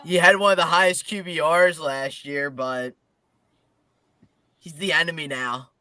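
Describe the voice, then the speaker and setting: A man co-hosting a casual podcast, giving short deadpan replies. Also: a little high, unhurried. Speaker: podcast co-host.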